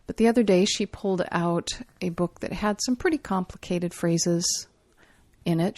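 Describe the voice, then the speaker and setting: A woman co-hosting a parenting podcast, telling a family story in a lively, chatty way. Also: fairly low pitch, dry recording. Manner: warm, animated storyteller. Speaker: podcast co-host. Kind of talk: casual chat, storytelling.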